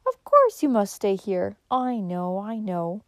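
A woman reading a storybook, voicing a kindly, devout old mother who speaks in a tender, soft-spoken way. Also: mid-range voice, big pitch swings, slow, no echo.

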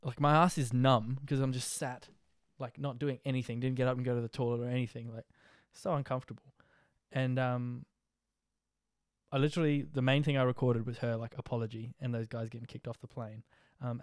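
A young Australian man casually telling an animated, slang-filled story about a flight, with jokey rhymes. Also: mid-range voice, a little fast, dry recording, studio quality. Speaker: social media vlogger.

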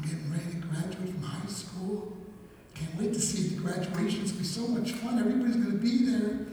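A man's voice: fairly high pitch, quick pace, dark tone, a little hiss or hum. A man giving a heartfelt, earnest motivational talk to an audience in a large hall. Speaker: motivational speaker. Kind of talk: emotional public presentation. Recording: echoey hall from far off, faint music.

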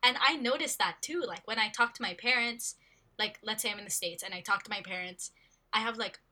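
A woman's voice: medium pitch, brisk, pushed and bright. A young woman from the Philippines, co-hosting a casual podcast and chatting with eager agreement. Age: young adult. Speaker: podcast co-host. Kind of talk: casual chat.

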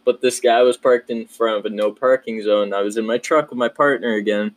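A man's voice: medium pitch, steady tone, brisk, no room sound. A young man in his twenties hosting his own podcast in a casual, rambling, upbeat way, often restarting his sentences. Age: 20s. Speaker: podcast host. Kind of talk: casual solo podcast chat.

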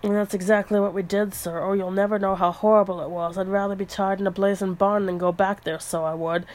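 A man's voice: high-pitched, level tone, fairly quick, darkish tone, lightly acted, rough recording. A woman voicing a superstitious, talkative male ferret henchman with folksy, old-fashioned turns of phrase. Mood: spooked.

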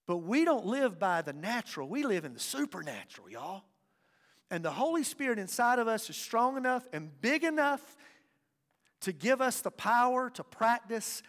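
A man preaching a sermon as pastor, impassioned, swinging from loud declarations to hushed asides. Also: sits high. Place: church sanctuary. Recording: reverberant church hall with faint music.

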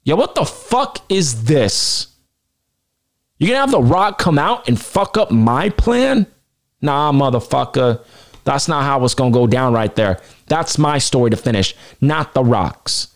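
A furious male wrestler, as a podcaster puts him on, swearing and defiant as he rants at management. He uses an ordinary mid-pitched male voice. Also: big pitch swings, unhurried. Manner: profane, defiant.

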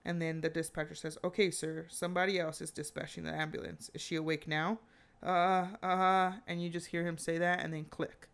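A woman chatting casually, retelling a true-crime story with animated quoted lines and frequent fillers. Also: low voice, quick pace, gravelly, hardly any pauses.

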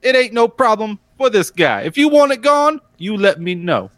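High, lively jokey man. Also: normal speed, no echo. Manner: goofy, jokey, puts on accents. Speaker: podcast co-host. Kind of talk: casual chat.

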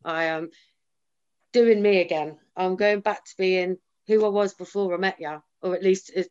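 Her voice is fairly low, clear and resonant, with a darkish tone, fairly even intonation and a moderate pace. As a guest telling her story in a relaxed conversation, she speaks candidly and emphatically, frequently quoting herself and other people. The lo-fi audio sounds slightly dull.

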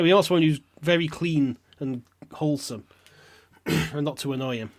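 A man's voice: on the high side, moderate pace. A man co-hosting a podcast, bantering crudely, swearing and laughing often.

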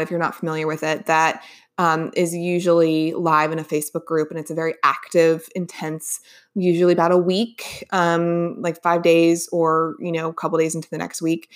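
Chatty woman podcaster, fairly low voice. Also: fairly bright tone. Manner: chatty, many fillers and restarts. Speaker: podcast host. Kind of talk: casual solo podcast talk.

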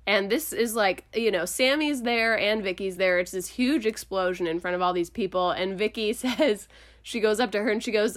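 A woman casually recapping a film plot to friends, as an animated storyteller. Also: mid-range voice, moderate pace.

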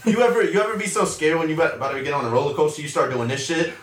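A young man telling a story in casual chat, cursing often, full of slang and lively retellings. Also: on the high side, racing. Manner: profane, animated storytelling with slang. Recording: roomy echo, a bit far from the mic.

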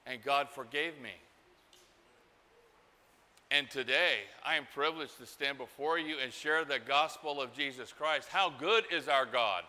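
A middle-aged man preaching a sermon, telling a story slowly and acting out the voices in it. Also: mid-range voice, pushed and bright. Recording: hall reverb.

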